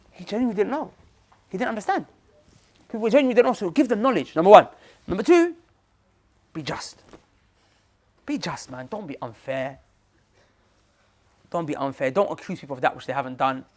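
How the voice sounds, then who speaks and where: A young man preaching to a room of listeners in a quick, restless flow. His pitch leaps up and down as he repeats points and drops in street slang, turning to the audience again and again. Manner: animated, repetitive, slangy, addresses listeners directly. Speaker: Muslim preacher. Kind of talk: lively motivational talk to a group.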